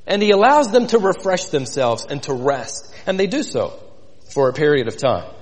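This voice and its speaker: High, lively preacher in a reverberant hall. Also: male voice, moderate pace. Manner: vividly retells scripture scenes, inviting listeners to imagine. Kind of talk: expository sermon.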